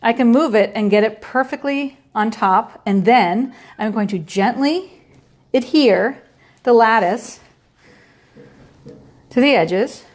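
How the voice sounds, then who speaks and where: Chatty woman demonstrating pie baking. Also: on the high side. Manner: chatty, playful, animated with sound effects. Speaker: baking show host. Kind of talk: cooking demonstration.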